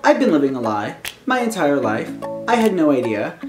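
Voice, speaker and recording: A young man, born in Colombia, talking casually to camera in an excitable, animated way with laughing asides. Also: fairly high pitch, normal speed. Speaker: vlogger. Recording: echoey room with faint music.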